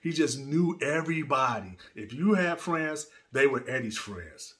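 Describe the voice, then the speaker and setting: A man's voice: medium pitch, lively intonation, unhurried, fairly bright tone. A man hosting his own video channel, talking casually from his studio in a heartfelt, rambling way and repeating words as he goes. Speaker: channel host. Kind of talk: casual vlog talk.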